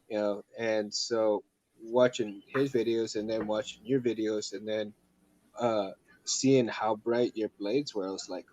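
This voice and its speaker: A man's voice: lowish voice, fairly even intonation, unhurried, a little mellow. Earnest man on a dull line. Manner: earnest, admiring, talks in fillers. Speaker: guest. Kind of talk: casual chat.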